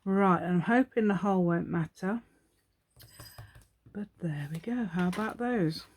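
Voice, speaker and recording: A woman's voice: fairly low pitch, unhurried, darkish tone. A woman hosting a crafting tutorial, chatting as she works, rambling and laughing often. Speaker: craft channel host.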